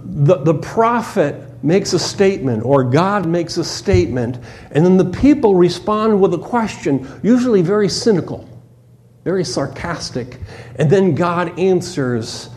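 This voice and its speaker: A man preaching an expository sermon, slow and emphatic, often repeating words and restarting phrases. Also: on the high side, lively intonation, darkish tone. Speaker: pastor.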